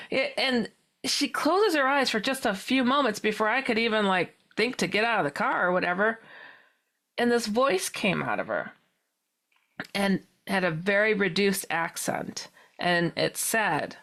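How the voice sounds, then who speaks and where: Gravelly-voiced woman telling an animated story. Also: medium pitch. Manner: acts out dialogue with quick quotes and laughs. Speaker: paranormal author and guest.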